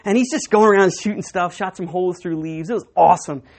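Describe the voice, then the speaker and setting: A woman pastor preaching a sermon, telling stories and moving between hushed and emphatic delivery. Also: fairly low pitch, fast. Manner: storytelling, animated, swinging between hushed and emphatic.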